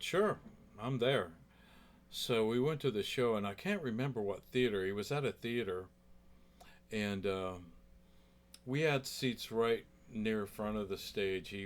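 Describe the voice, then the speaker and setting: A man who plays guitar telling a story in a rambling, chatty way, full of asides. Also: fairly low pitch. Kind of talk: casual storytelling.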